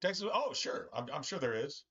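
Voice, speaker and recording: Bright-voiced, rambling middle-aged male streamer. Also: a little high, big pitch swings, a little fast, vocal fry, muffled recording. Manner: rambling, profane, opinionated. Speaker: game streamer. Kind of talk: casual live-stream chat while gaming.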